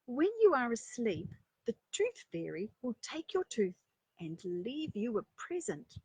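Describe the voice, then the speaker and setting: A woman reading a children's story aloud, breaking off for chatty asides and rhetorical questions to her listeners, with a breathy voice. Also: on the high side, very animated, a little slow, a little mellow, no echo. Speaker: storyteller and life coach.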